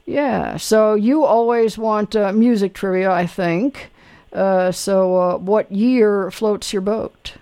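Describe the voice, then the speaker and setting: A man's voice: high voice, steady tone, takes it slowly, darkish tone, smooth. Give me a chatty man hosting late-night call-in radio trivia. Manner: chatty, many fillers and restarts. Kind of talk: casual live radio chat.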